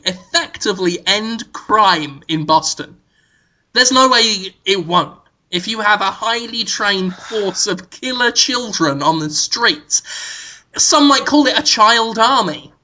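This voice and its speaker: A man hosting a casual comedic podcast, pitching absurd ideas in a mock-earnest deadpan. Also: measured pace. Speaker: podcast host.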